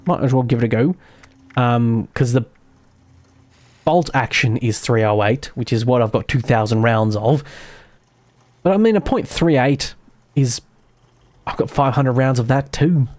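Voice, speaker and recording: A man's voice: medium pitch, unhurried, long pauses, darkish tone. An Australian man with an Australian accent, casually commentating his gameplay with sarcastic, self-mocking humor and free swearing. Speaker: streamer.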